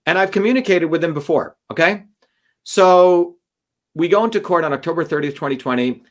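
A man telling a long story in an interview, animated and acting out the voices of others as he goes. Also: on the high side, brisk. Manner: animated, acts out courtroom dialogue. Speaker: guest.

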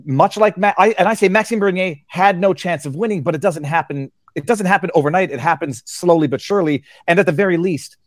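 A man's voice: sits high, fast, hardly any pauses. A man hosting an interview, often stammering and hesitating as he tries to get a word in. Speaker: interviewer, host. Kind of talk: interview conversation.

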